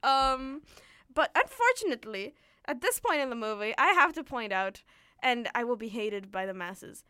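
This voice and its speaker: Bubbly, high-voiced young woman. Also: moderate pace, smooth, no room sound, clean studio sound. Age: young adult. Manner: animated, laughing, acts out quoted voices. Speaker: co-host. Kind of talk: casual chat.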